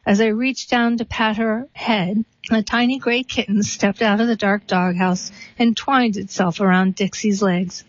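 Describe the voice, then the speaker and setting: Woman reading a story out loud, calm steady pace, kinda dull dry recording. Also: medium pitch, measured pace, few pauses, no room sound. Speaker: reader. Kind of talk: reading a short story and a poem aloud.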